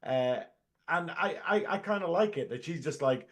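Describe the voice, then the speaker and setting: A man's voice: on the high side, expressive, normal speed. A man on a casual film review podcast, talking enthusiastically and thinking aloud as he makes his points. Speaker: podcast co-host or guest.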